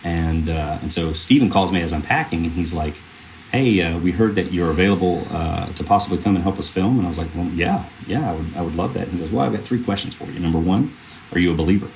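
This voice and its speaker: Fast and a little mellow, this low-pitched voice carries a little hiss or hum. It belongs to a man in his thirties, a film producer and podcast guest, who tells earnest stories in a casual interview with rambling fillers and restarts.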